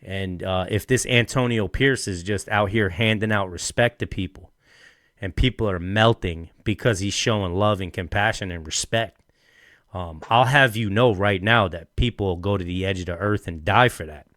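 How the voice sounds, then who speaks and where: A man's voice: on the low side, moderate pace, a bit bright, dry recording, studio quality. A man co-hosting a sports podcast, talking emphatically and repeating phrases for effect as he makes his pick. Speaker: podcast co-host. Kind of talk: casual sports picks chat.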